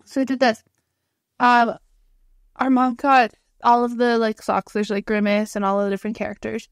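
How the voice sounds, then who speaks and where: A woman co-hosting a podcast in relaxed casual chat, often clearing her throat between thoughts. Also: on the high side, moderate pace, dry recording, studio quality. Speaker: podcast co-host.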